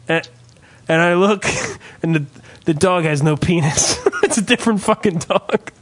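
A man's voice: high-pitched, animated, unhurried. A man hosting a casual podcast, ranting profanely and telling stories with sarcastic asides. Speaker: podcast host. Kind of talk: profane comedic rant.

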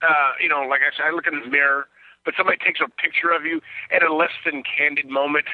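A man's voice: a little high, fairly even intonation, fast talker, phone-quality sound. A man calling in to a radio show from his truck, chatty and polite, with a lot of hesitation. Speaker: caller. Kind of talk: phone call-in chat. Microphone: phone.

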